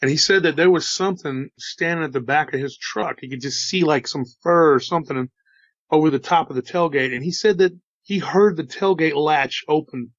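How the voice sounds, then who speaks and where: A man recounting a strange encounter in a casual storytelling manner, slightly hoarse after an illness, dropping "you know" and "dude" as he goes. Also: on the high side, moderate pace, no room sound, lo-fi sound. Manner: relaxed, chatty, says "dude" and "you know". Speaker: storyteller relaying witness accounts.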